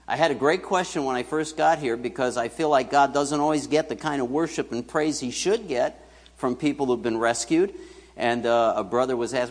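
Male pastor, casual joking sermon, quizzes the congregation, animated pitch, long church reverb. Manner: conversational, joking, asks the congregation questions. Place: church hall.

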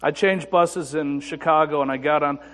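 A man preaching a testimony sermon, his voice sitting slightly high for a man. He drops to quiet, hushed stretches and then lifts into emphatic lines. The sound carries the long reverb of a church sanctuary. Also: steady tone, moderate pace. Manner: personal testimony, shifts between quiet and emphatic. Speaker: pastor. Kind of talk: sermon storytelling.

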